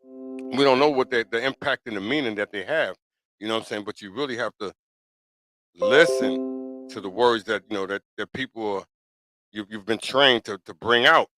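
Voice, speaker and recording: A man's voice: on the low side, normal speed, music in the background. A man hosting a podcast, giving his opinions in a blunt, repetitive, insistent way and often checking in with the listener. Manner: blunt, emphatic and repetitive, with frequent "you know what I'm saying". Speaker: podcast talk show host. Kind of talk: casual opinion monologue.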